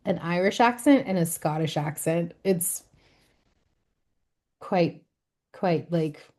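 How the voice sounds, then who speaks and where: A woman's voice: on the low side, slow, darkish tone. A woman co-hosting a podcast in a casual chat, rambling with lots of fillers and frequent laughter. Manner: giggly, rambling with many fillers. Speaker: podcast co-host.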